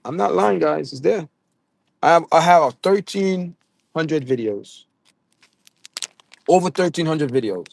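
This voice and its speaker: A man's voice: fairly high pitch, animated, unhurried, vocal fry, long pauses. Jamaican man chatting on a livestream. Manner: talks straight to his chat viewers, stammers and repeats words. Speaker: livestream host. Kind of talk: casual livestream chat.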